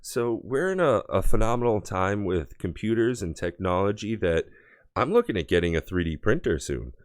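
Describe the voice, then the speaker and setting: A very deep-voiced American man chats casually on a podcast, rambling with an eager, easygoing energy and plenty of fillers. His voice sounds close and dry, with no room around it. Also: sing-song, moderate pace, no echo. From United States. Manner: rambling, enthusiastic with many fillers. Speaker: podcast co-host. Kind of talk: casual chat.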